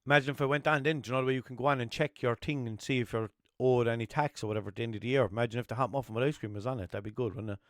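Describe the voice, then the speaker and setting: A young man with a Limerick Irish accent hosting a solo podcast, rambling and swearing through jokey stories and putting on high voices for the people in them. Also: steady tone, very fast, few pauses, dry recording, clean studio sound. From Ireland. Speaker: podcast host. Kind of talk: casual solo podcast chat.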